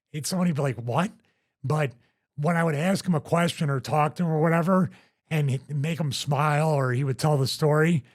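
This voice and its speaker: A man hosting a wrestling podcast, telling backstage stories in casual chat with lots of restarts. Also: fairly high pitch. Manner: rambling, animated storyteller with frequent restarts.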